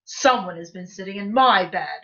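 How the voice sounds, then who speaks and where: A woman voicing a big, gruff male Papa Bear in a storybook reading, loud and slow. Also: mid-range voice, animated. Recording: muffled live-stream audio.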